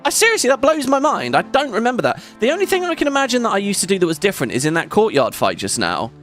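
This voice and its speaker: A man's voice: high voice, huge pitch swings, fast talker, a bit bright, faint music behind. A man hosting a let's play, chatting casually and rambling as he thinks aloud and laughs often while he plays. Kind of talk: casual gameplay commentary.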